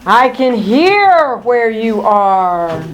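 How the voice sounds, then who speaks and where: A woman's voice: fairly high pitch, very animated, very slow, heavily acted. A woman doing a squealing, cackling bat. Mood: gleeful taunting.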